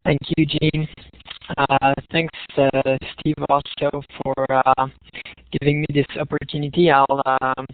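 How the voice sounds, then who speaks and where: A man with a French Canadian accent presents in a webinar, hesitant and full of fillers. He speaks slowly in a gravelly voice pitched a bit high. The sound is dry and thin, like a phone line. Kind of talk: webinar talk. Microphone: online call microphone. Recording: tinny phone-like web call.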